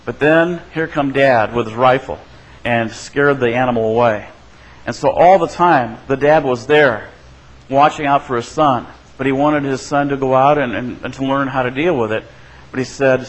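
A man preaching a sermon as a pastor, conversational and often checking in with his listeners. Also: rough recording. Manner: conversational, asks the congregation "right?"; acts out quoted voices with shifts in pitch and loudness.

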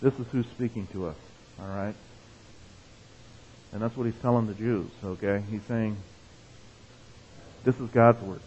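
A man's voice: on the low side, steady tone, unhurried, pauses often, a little mellow, highs cut off, a little hiss or hum. Guy pastor preaching, chatty, keeps saying right? okay?, sounds like it's coming through a phone. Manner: conversational, checks in with "right?" and "okay?"; reads scripture with rising emphasis, tells jokes. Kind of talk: sermon.

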